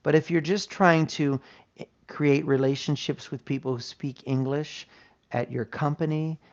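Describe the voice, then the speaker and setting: Gravelly American man teaching English. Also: medium pitch. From United States. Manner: explains patiently, asks rhetorical "right?". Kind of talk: live English lesson. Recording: dull lo-fi sound.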